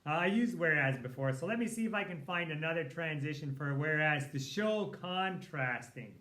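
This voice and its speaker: A man's voice: on the high side, normal speed. A man teaching a writing lesson, talking casually and thinking aloud as he edits a sample text. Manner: relaxed, thinking aloud with fillers. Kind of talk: recorded lesson walkthrough.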